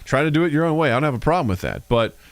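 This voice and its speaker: Podcast cohost guy, super animated, swears a lot, does silly quote voices, dry close sound. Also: rapid-fire, dry recording. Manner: animated, swears, acts out quoted voices with big pitch jumps. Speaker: podcast co-host. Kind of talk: casual podcast chat. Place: studio, live stream.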